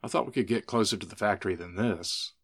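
A man reading the lines of a wary, sharp-tongued young woman in a spoken story. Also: lowish voice, fast talker, creaky. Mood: doubtful.

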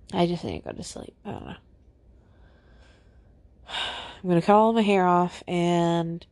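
A tearful young woman talks slowly into a close mic with a gravelly, lowish voice. She sighs a lot and trails off, circling back on herself in halting phrases. The sound is dry. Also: darkish tone, no echo. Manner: sighing, halting, repeats herself. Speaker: podcast host. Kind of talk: solo podcast venting.

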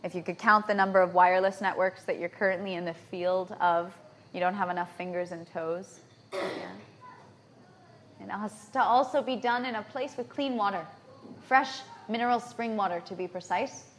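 A woman's voice: mid-range voice, normal speed, a bit bright, a little hiss or hum. Female lecturer, mid-range voice, conversational teaching style, peppers points with "right?" and "yeah?". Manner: checks in with listeners with frequent tag questions. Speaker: natural hygienist giving a lecture. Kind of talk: lecture to a live audience. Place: lecture venue in Bali.

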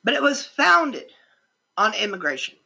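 An older American woman giving an impassioned, indignant political rant, swearing for emphasis, with a husky voice. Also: mid-range voice, sing-song, moderate pace, pushed and bright. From United States. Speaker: vlogger.

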